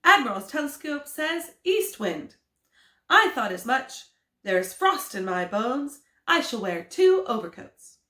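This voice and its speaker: A stuffy, penny-pinching English father in a storybook, played by a woman reading aloud, grumbling in a put-on British accent. His voice sits lower than hers and still swings widely with each complaint. The room around it sounds roomy and echoey. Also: big pitch swings, measured pace, fairly bright tone, heavily acted. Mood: brisk. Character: pompous, fussy, stingy middle-aged English father. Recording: roomy echo.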